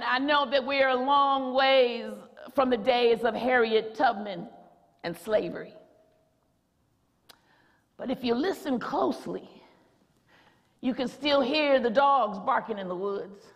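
High-voiced woman preaching a rousing sermon. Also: unhurried, pauses often, big-room sound. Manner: rousing, rhythmic repetition, rising to shouts. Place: church sanctuary.

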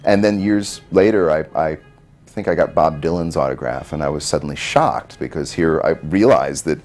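A man's voice: extremely low pitch, darkish tone. A middle-aged man in an interview, telling stories about his mother in a rambling, hesitant way. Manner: rambling, hesitant, with many ums. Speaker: son of an actress, interviewee. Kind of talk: casual storytelling interview.

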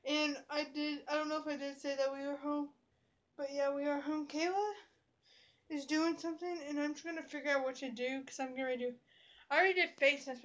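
High-voiced rambling girl vlogger. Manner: rambling, breathless. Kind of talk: casual vlog chat. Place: at home, bedroom. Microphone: camera's built-in mic.

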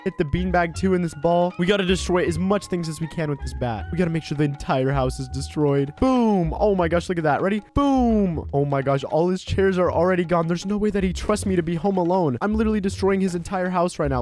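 A man giving excitable let's play commentary, narrating his own moves in the first person with frequent exclamations. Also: fairly high pitch, fast talker, few pauses, soft background music. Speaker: gaming video creator.

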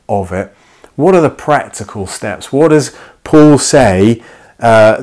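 Male preacher, mid-pitched, conversational sermon delivery. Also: a little mellow. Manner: conversational, acts out little quoted exchanges. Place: church.

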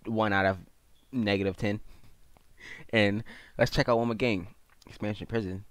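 A man hosting a gaming video, giving playful, jokey let's-play commentary that jumps into high, excited squeals. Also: moderate pace, clear, resonant tone, dry recording.

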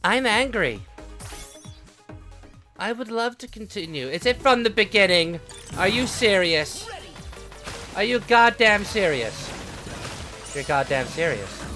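A man's voice: high voice, sing-song, slow, long pauses, heavily acted. A man doing Death the Kid, hot-tempered young reaper. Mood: agitated, yelling. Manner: easily agitated, swears and yells at the game. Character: symmetry-obsessed young male reaper, short-tempered. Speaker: gamer playing in character. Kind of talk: in-character gameplay commentary. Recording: game music playing behind the voice.

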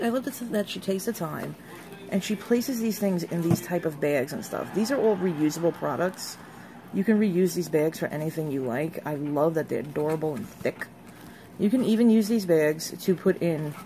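A woman vlogger chatting casually through an unboxing, excitable and gushing over each product. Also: low voice, a little hiss or hum.

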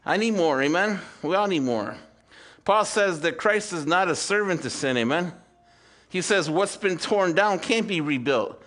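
A man in his fifties preaching a sermon to a church congregation, swinging between loud emphatic peaks and quiet asides, with rhetorical questions and calls for amen. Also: sits high, animated, measured pace. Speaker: pastor.

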